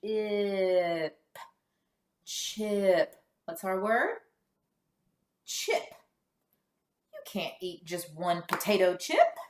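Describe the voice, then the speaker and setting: A woman teaching a kindergarten phonics lesson, sounding out letters slowly and cheering the children on. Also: mid-range voice, reverberant. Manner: slow, exaggerated sound-by-sound modeling with lively praise.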